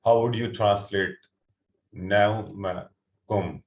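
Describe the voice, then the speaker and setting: A man's voice: lowish voice, fairly even intonation, very slow, darkish tone, roomy sound. A man teaching an online class, explaining word meanings patiently step by step, with hesitant fillers and restarts. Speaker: Quran teacher. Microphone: computer mic on an online call.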